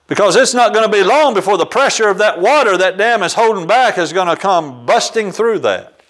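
Male pastor, sermon delivery, earnest, homely examples, expressive high voice. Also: low-quality recording. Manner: earnest, quotes scripture with chapter and verse; uses homely examples, occasional ums. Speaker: preacher.

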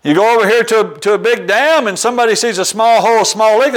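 A man's voice: high voice, fast talker, rough recording. A man preaching a sermon, earnest and citing scripture by chapter and verse, with homely examples. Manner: uses homely examples, occasional ums.

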